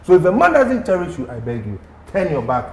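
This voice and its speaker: Ghanaian man, talk panelist, high-ish and very lively pitch, preachy, roomy studio. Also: brisk, a little hiss or hum. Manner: emphatic, preachy advice-giving. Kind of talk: talk show discussion.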